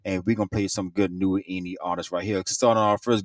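A laid-back man co-hosting a casual music radio show, his voice on the low side. He repeats phrases and laughs easily. The sound is dry, and he is set back from the microphone. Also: steady tone, quick pace, no room sound, far from the mic.

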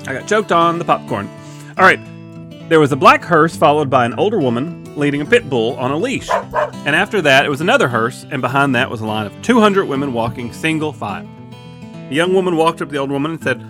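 A man co-hosting a comedy podcast, telling jokes with goofy, lively banter. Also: a little high. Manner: goofy, repeats silly exclamations, lively storytelling. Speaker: podcast co-host. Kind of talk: casual joke-telling banter.

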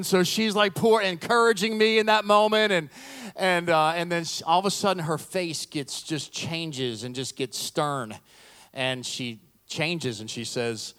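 Lively high-voiced male pastor. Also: smooth. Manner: storytelling, animated, acts out quoted voices, self-deprecating humor. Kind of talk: sermon.

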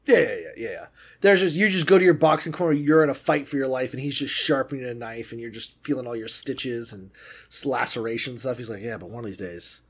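A man's voice: mid-range voice, quick pace, husky. A man co-hosting a casual comedy podcast, rambling and irreverent as he talks things over. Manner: rambling, irreverent, slips into mock voices. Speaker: podcast co-host.

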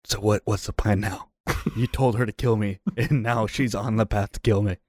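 A man's voice: lowish voice, fairly even intonation, normal speed, darkish tone, no echo, clean studio sound. A man playing his character in a tabletop game, pleading and exasperated, cursing freely. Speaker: player. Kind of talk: in-character tabletop role-play.

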